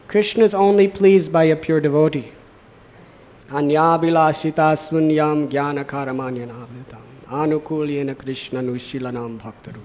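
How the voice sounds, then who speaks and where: A man with a fairly high voice tells a devotional story as a sermon. His delivery is animated, with repeated words for emphasis. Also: moderate pace. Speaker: storyteller, preacher.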